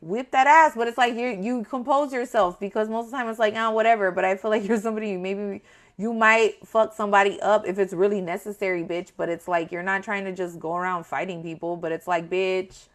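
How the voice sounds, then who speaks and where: A woman giving a casual tarot reading to her viewers, talking in a blunt, profane and animated way. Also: medium pitch, fairly quick. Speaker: tarot reader.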